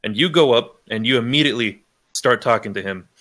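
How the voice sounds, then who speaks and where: A man narrating as game master in a tabletop role-playing game, halting with many restarts. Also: medium pitch, fairly bright tone.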